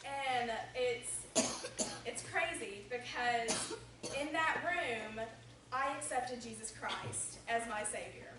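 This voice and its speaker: A young woman, late teens, stands up in a church and tells her testimony in a loose, chatty way, full of fillers. Her slightly high voice reaches the mic from a distance and bounces heavily around the room. A clear layer of noise runs under everything. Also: slow, heavy reverb. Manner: casual, filler-heavy storytelling with many "like"s and "um"s. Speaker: person giving a faith testimony. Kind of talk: personal testimony talk. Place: church sanctuary.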